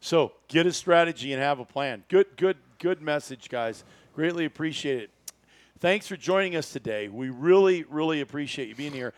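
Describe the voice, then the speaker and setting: A man hosting a hunting podcast, reading an upbeat sponsor pitch and signing off. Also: expressive, moderate pace. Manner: upbeat, salesy sign-off. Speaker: podcast host. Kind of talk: casual podcast chat with ad read.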